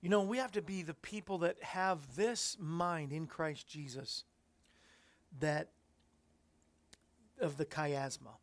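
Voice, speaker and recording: Male Christian radio host, rough gravelly voice, loose musing scripture commentary. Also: on the high side, takes it slowly, long pauses. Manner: reflective, rambling preaching with fillers.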